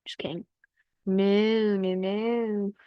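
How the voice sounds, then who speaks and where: A woman's voice: mid-range voice, level tone, very slow, clear, resonant tone, no echo, muffled recording. A woman giving casual, rambling commentary over a map, cracking jokes and playfully repeating words. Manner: playful, rambling, jokey asides; repeats words in sing-song fashion. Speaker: map video narrator.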